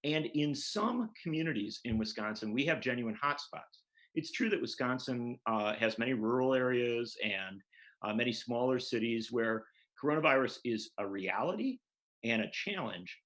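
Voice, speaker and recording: A man's voice: medium pitch, lively intonation, normal speed, fairly bright tone, poor audio. A man, a political journalist, explaining at length and earnestly as a guest in an interview over a video call.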